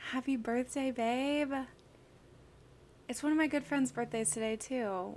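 Young female streamer, slightly high voice, bubbly and gushing, casual livestream chat greeting viewers. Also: a little slow, long pauses, darkish tone. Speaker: streamer solving crosswords.

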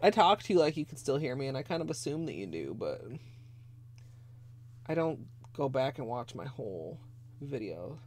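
A woman hosts a casual nail polish livestream from her bedroom, rambling chattily with many fillers as she answers viewers' chat. Her bass voice is sing-song and a little mellow, at a moderate pace, with slight background noise. She uses a desk mic and sometimes moves away from it.

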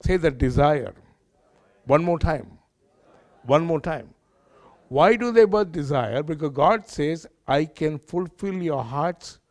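A man's voice: a little high, animated, slow pace. A man preaching a sermon in a church hall, earnest and conversational, often putting questions to his audience.

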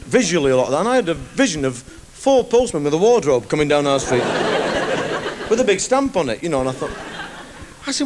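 Lively Manchester comedian spinning yarns. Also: male voice, fairly high pitch, brisk, long pauses, noisy background. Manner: chatty, rambling, comic. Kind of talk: live stand-up storytelling. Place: live venue before an audience. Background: audience laughter.

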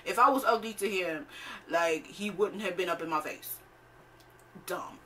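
A woman's voice: fairly low pitch, measured pace, bright, forceful tone, far from the mic, a little hiss or hum. A young woman telling a storytime in a blunt, profane, sassy way, full of fillers. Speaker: vlogger. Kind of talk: casual storytime rant.

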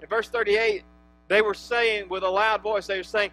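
A male pastor preaching an impassioned sermon, swinging from hushed to emphatic and restarting phrases with many fillers. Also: high-pitched, level tone, normal speed, no room sound, soft background music, poor audio.

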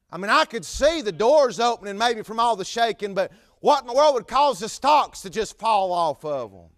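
A man's voice: high voice, lively intonation, normal speed, hardly any pauses, a bit bright, dry recording, studio quality. A man preaching a fervent sermon with repetitive phrasing and stammered fillers.

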